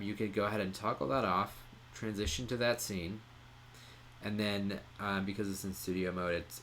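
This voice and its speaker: A man presenting a casual software tutorial, explaining each step in a relaxed way with frequent "um" pauses. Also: on the low side, slight background noise. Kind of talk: casual screen-share tutorial.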